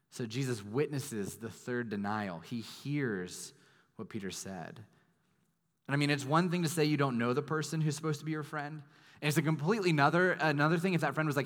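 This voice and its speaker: A man's voice: medium pitch, fairly bright tone, in a large hall. A man preaching a sermon, retelling a Bible story in a conversational, earnest way with casual fillers. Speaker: pastor.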